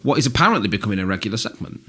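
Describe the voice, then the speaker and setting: Lively man telling sweary stories. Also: lowish voice, very fast, breathy edge. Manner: sweary, dry storyteller who laughs at his own tales. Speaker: podcast co-host. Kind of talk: casual banter and storytelling.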